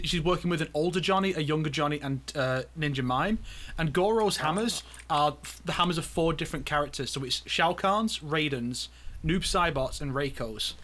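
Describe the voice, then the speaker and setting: Podcast guy, bright kinda high voice, keeps stammering and restarting. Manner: stammering, restarts often, laughs easily. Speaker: podcast co-host. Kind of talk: casual chat.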